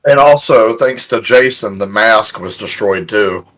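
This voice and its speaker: A man's voice: lowish voice, unhurried, a bit bright, poor audio. Laid-back man chatting on a stream. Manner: laid-back, swearing, addresses chat as folks. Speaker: stream co-host. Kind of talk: casual stream chat.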